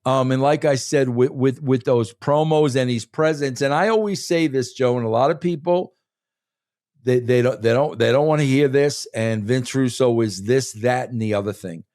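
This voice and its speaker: A man's voice: medium pitch, normal speed, a little mellow, dry recording, clean studio sound. A man being interviewed on a podcast, talking in an emphatic, rambling casual way and calling the host "bro" again and again. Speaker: former wrestling head writer, guest.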